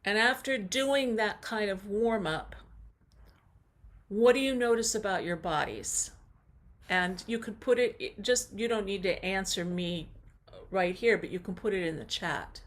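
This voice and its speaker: A woman leads a singing warm-up over a video call. She talks at an unhurried pace in a medium-pitched voice, coaching warmly and breaking into short sung examples. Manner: slow, encouraging coaching with sung demonstrations. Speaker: voice teacher. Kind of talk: online vocal warm-up lesson.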